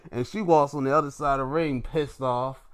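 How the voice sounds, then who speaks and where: A man giving a casual solo wrestling review, animated and swearing freely as he recounts the action. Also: mid-range voice, a little fast, clear, resonant tone.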